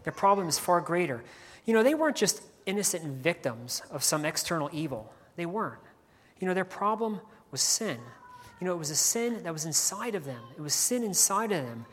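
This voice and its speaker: Preacher on a church stage, says "you know" nonstop, repeats lines twice, mid pitch, long hall echo. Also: big pitch swings, fairly quick, a little hiss or hum. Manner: fills nearly every phrase with "you know" and repeats key lines. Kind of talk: sermon.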